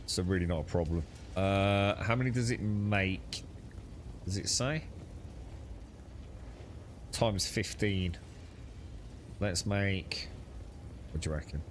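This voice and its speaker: A man's voice: deep voice, slow, pauses often, slight background noise. A young man chatting casually while playing a co-op game with friends, thinking aloud and laughing easily. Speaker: gamer streaming co-op play. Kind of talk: casual gaming chat.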